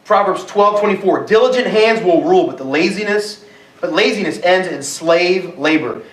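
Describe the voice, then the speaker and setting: A man's voice: high voice, normal speed. A man in his thirties preaching a sermon to young adults, telling self-mocking jokes and stories. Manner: joking storyteller, self-mocking. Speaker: pastor. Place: church hall. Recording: echoey church hall from far off.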